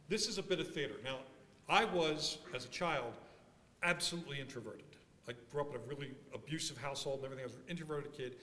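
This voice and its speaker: Man in his own workshop talk, lively and forceful, thinks out loud, long conference hall reverb. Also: on the high side, quick pace, a little hiss or hum. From Philadelphia, USA. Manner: animated, thinking aloud with restarts. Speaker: workshop speaker.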